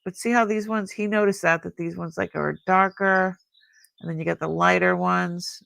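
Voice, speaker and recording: A woman's voice: lowish voice, fairly even intonation, normal speed, gravelly, fairly bright tone, no echo. A middle-aged woman hosting a live jewelry sale, chatting casually and admiring each piece as she rambles. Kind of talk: casual live-stream selling chat.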